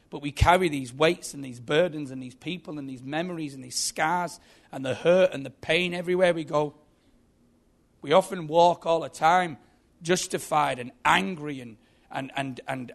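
A man's voice: on the high side, moderate pace, vocal fry. A man preaching a sermon, earnest and emphatic, telling a story.

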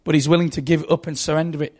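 A man's voice: on the high side, racing. A man preaching a sermon, telling stories with dramatic buildups. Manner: animated storytelling, dramatic buildups.

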